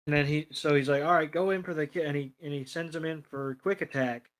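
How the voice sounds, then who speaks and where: A man's voice: fairly high pitch, fairly even intonation, quick pace. A man co-hosting a podcast, casually recapping a battle and correcting himself along the way. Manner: casual, loose, self-correcting. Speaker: podcast co-host.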